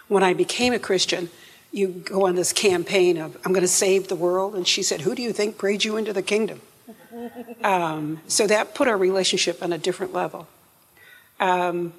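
A woman's voice: fairly low pitch, long reverb tail. Northern US woman giving testimony. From upstate New York. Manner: warm, self-deprecating, frequent ums. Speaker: church member giving testimony. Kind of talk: personal testimony.

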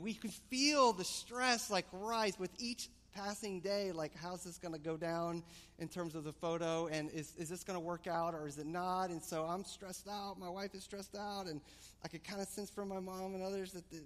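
Animated male preacher in a reverberant hall. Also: a little high. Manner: animated storytelling, rising excitement. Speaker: pastor. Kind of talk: sermon with personal story.

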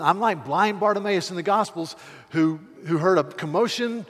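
Passionate preacher guy, kinda high husky voice, loud then hushed, echoey church hall. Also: normal speed. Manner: impassioned, swings from loud to hushed. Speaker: pastor. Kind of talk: sermon.

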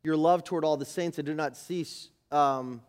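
A man preaching a sermon as pastor, animated, moving from loud emphasis to quiet asides. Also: a little high, normal speed, clear, resonant tone. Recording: live church service.

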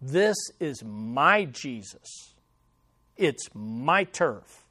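Pastor putting on a growling mafia boss with a mock Italian accent, lower, slow. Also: male voice, sing-song, sharp tone, breathy edge, no echo, studio quality, exaggerated voice. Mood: possessive. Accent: put-on Italian. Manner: low, snarling, possessive. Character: snarling mafia boss claiming his turf.

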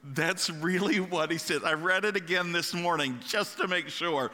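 Male pastor, high bright voice, animated jokey sermon storytelling, live hall reverb. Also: normal speed. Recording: long reverb of a large hall.

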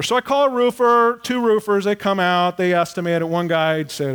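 A middle-aged male pastor giving a sermon, telling a personal story with animated delivery and acting out voices. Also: high-pitched, fast talker, few pauses, smooth.

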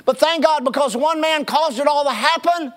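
Pastor, male, very high voice, preaching style with call-and-response. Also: normal speed, a bit bright. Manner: preaching with call-outs to the congregation. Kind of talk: sermon.

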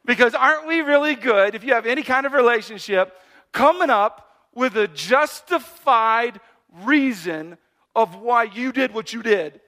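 A man giving a sermon, in a conversational, animated preaching style with playful asides to the congregation. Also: extremely high pitch, measured pace. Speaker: pastor.

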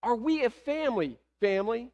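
A man's voice: very high-pitched, expressive, brisk, darkish tone, lo-fi sound. A man with a Southern American accent preaching a sermon, asking the congregation rhetorical questions. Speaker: pastor.

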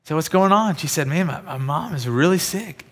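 A man's voice: a little high, animated, normal speed, fairly bright tone. A man preaching a sermon, telling personal stories in a conversational way and building to emphatic points. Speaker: pastor.

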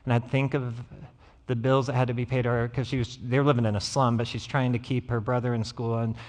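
A man's voice: medium pitch, level tone, brisk, darkish tone. A man, a pastor preaching a sermon, who tells stories and acts out the voices of the people in them. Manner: storytelling, acts out quoted voices. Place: church sanctuary. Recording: church hall reverb.

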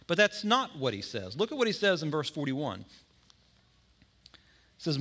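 Bright, conversational male pastor preaching. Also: high-pitched, sing-song, moderate pace. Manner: conversational preaching with acted-out scenes. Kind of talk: sermon.

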